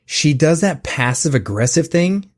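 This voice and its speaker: A man co-hosting a podcast in casual chat, animated and self-mocking, laughing often. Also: fairly high pitch, a little slow. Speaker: podcast co-host.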